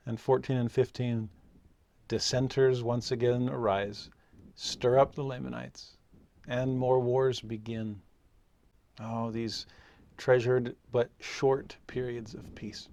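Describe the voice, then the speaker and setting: Male scripture teacher, middle-aged, mid-pitched and gravelly, earnest storyteller. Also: darkish tone, slight background noise. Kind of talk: recorded scripture lesson.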